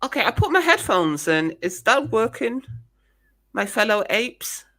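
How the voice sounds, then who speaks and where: A woman joining a casual livestream chat as a guest, talking in a hesitant, halting way. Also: a little high, sing-song, fairly bright tone.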